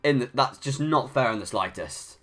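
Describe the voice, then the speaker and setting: A young man commenting live on his own gameplay with a lively, swooping delivery. His voice is bright and forceful. He talks his moves through aloud, stumbling and restarting, and rants in frustration. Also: medium pitch, normal speed, soft background music. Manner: thinks aloud, restarts often, rants when annoyed. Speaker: gaming YouTuber.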